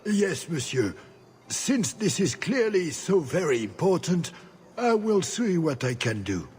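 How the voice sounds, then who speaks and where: A fussy castle guard. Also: male voice, on the high side, very animated, a little slow, darkish tone, long reverb tail. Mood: obliging.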